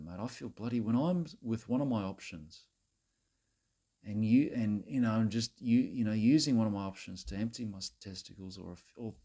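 A man's voice: fairly low pitch, creaky, darkish tone, breathy edge, heavily acted. A man playing a crude, self-righteous Australian bloke who rants at women in a rambling, repetitive way, saying mate and bloody constantly. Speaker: comedy character monologue. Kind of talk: satirical rant to camera.

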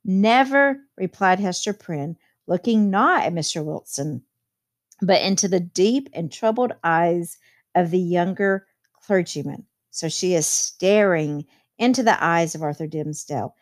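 A woman's voice: on the low side, measured pace. A woman teacher explaining a novel chapter to her students, reading quotes aloud and adding plain commentary.

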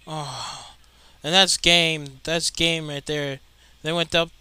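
A young man reacting live to a football game he is watching, muttering and exasperated, with sudden loud outbursts. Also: on the high side, little pitch movement, slow, smooth, dry recording. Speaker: sports fan watching a game.

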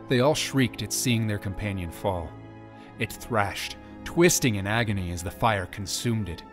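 Low-voiced man narrating an audiobook. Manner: dramatic storytelling. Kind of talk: scripted narration.

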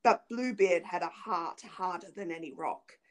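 A woman narrating an old fairy tale in an expressive, dramatic reading. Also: fairly low pitch, measured pace. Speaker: reader. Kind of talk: storybook narration.

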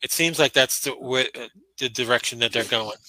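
A man's voice: medium pitch, a little fast, sharp tone, no room sound, rough recording. A man co-hosting a casual podcast, talking bluntly and ranting in exasperation. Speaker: podcast co-host.

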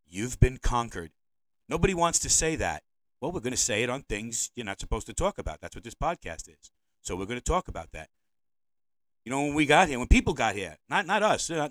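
Seated indoors at home, an American man hosts a podcast as an opinionated monologue, rambling, repeating himself and saying provocative things. His voice is medium-pitched and fairly bright, and the low-quality recording has no echo.

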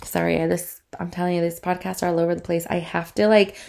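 A woman's voice: fairly low pitch, level tone, quick pace, gravelly, a little mellow. A woman around thirty hosting a casual solo podcast, talking in a rambling, profane, chatty way with a congested, stuffed-up voice. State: congested, breathing through mouth. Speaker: podcast host.

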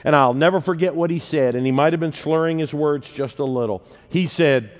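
This sixty-something man preaches from a church sanctuary, a self-deprecating storyteller who jokes about his own life. He talks fairly quickly in a slightly high voice, and the recording carries the long echo of a big hall.

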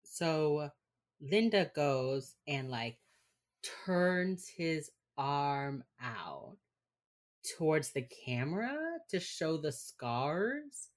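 Podcast co-host, woman, Miami accent, unusually low voice, casual and profane. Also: expressive, very slow. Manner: swearing, chatty, slips into quoted voices while retelling. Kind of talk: casual chat recapping a show.

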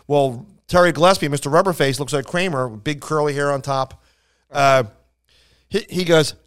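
A man's voice: on the high side, moderate pace, clear, resonant tone. A man who is a comedian telling rambling anecdotes on a casual podcast, full of restarts and acted-out quotes. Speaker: stand-up comedian and podcast co-host. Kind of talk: casual storytelling chat.

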